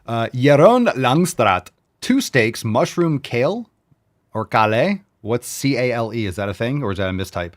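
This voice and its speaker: A man in his forties from New York hosting a fitness show, reading viewer meals aloud in a loud, brash, profane, riffing way. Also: medium pitch, big pitch swings, normal speed. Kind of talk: casual chat reading viewer posts.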